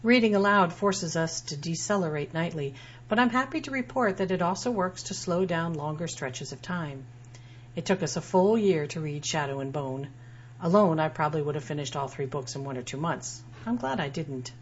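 A woman's voice: sits low, expressive, moderate pace. A woman writer reading her own personal essay aloud in a wry, dryly humorous way. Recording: dull lo-fi sound with faint hum.

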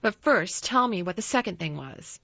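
A woman voicing an imperious, spoiled young boy who gives slow, demanding orders. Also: medium pitch, expressive, gravelly, fairly bright tone, slightly rough, no echo, heavily acted. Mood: curious. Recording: slightly dull dry recording.

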